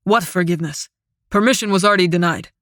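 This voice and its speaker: A woman's voice: mid-range voice, normal speed, sharp tone, dry recording, studio quality, lightly acted. A woman voicing a hard, angry male commander who is centuries old and part angel, speaking in stern, clipped radio calls.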